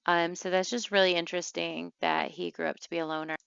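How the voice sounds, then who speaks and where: A woman's voice: on the low side, little pitch movement, a little fast, creaky, fairly bright tone, smooth, no room sound, highs cut off. A woman giving casual gameplay commentary as a let's play host, emotional and chatty with many fillers and restarts.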